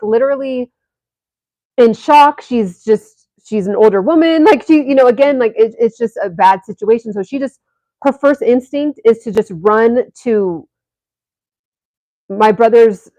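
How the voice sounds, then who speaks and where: A woman's voice: fairly high pitch, a little mellow, dry recording, highs cut off. A woman vlogger telling a story to her viewers in a casual, rambling way, full of fillers and restarts.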